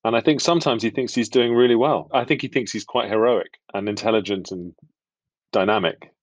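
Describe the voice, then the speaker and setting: A man's voice: fairly low pitch, brisk, dry recording. A middle-aged British man with a British accent, an actor chatting as an interview guest in a wry, self-deprecating way. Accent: British English. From England. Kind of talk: relaxed interview chat.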